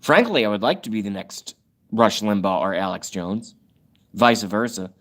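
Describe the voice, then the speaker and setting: A man's voice: animated, normal speed. Guy ranting on his livestream, reading chat, rambly and sweary, voice jumps up and down a lot. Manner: rambling, profane, sudden jumps in pitch and loudness. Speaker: livestream host.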